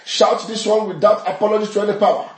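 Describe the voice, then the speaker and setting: A man leading a fervent prayer session in church, shouting repeated declarations and breaking into tongues. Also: sits high, fairly even intonation, quick pace. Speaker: pastor. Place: church service. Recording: roomy echoey hall.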